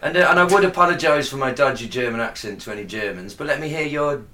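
A man's voice: medium pitch, expressive, sharp tone. A man co-hosting a podcast, bantering casually with crude, jokey asides. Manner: jokey, quick to laugh, crude. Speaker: podcast co-host.

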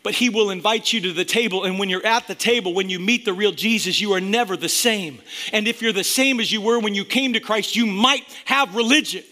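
Preaching to his congregation with real passion, this high-pitched male pastor moves between booming, emphatic outbursts and hushed, intense stretches. He talks a little fast and rarely pauses.

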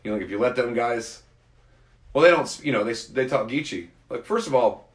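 A man's voice: medium pitch, expressive, fairly quick, over a noisy crowd. A man talking casually in a rambling, opinionated way, like a podcast host. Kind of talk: casual conversation. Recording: roomy echo.

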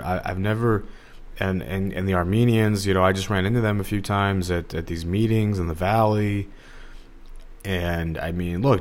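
On his solo podcast, a man whose voice sits low keeps a steady tone and a moderate pace. He's from around Los Angeles, and his casual chatter drifts from topic to topic, padded with fillers.

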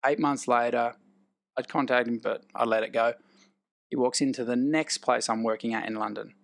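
Gravelly Australian man telling stories. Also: medium pitch, normal speed. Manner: animated, acts out quoted dialogue, laughs between lines. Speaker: actor and guest. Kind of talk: casual storytelling.

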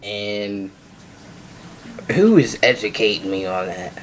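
Animated man in a lively chat. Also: lowish voice, slow, a little hiss or hum. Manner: animated, asks questions, swears casually. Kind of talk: casual chat.

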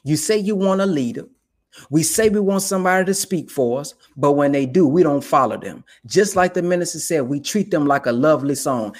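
A man's voice: a little high, fairly quick. A young man giving emphatic, preachy commentary in casual, colloquial talk. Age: young adult. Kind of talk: casual direct-to-camera commentary.

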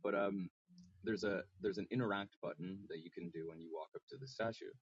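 A man's voice: low voice, a little fast, husky, no echo, lo-fi sound. A man co-hosting a podcast in casual chat, telling stories and laughing often. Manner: laughs often, lively storytelling. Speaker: podcast co-host.

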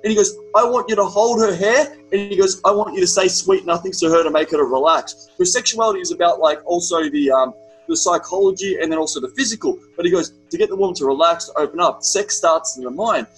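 High-voiced Australian man telling stories. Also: quick pace, soft background music, rough recording. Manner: animated storytelling, heavy swearing. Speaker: podcast guest. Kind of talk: casual chat.

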